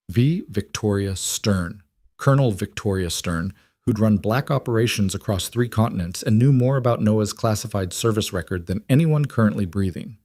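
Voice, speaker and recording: Low-voiced male story narrator. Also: a little mellow, no room sound, clean studio sound. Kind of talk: scripted narration.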